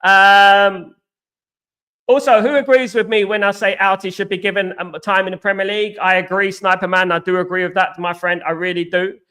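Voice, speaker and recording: A young man hosting a casual football live stream, greeting viewers by name and repeating himself, his voice going hoarse. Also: high voice, flat delivery, normal speed, bright, forceful tone. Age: young adult.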